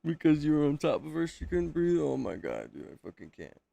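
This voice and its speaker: A male streamer reacts live in loose slang, swearing and laughing. His voice sits fairly high and sounds dry and close. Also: huge pitch swings, fairly quick, vocal fry, dark tone, no room sound. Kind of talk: casual live reaction commentary.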